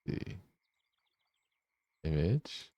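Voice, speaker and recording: A man streaming a game, chatting casually, joking and laughing often, and getting excited as he rambles. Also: drawn-out words, no echo, clean studio sound. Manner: gets excited and rambling when riffing. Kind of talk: casual live-stream chat while gaming.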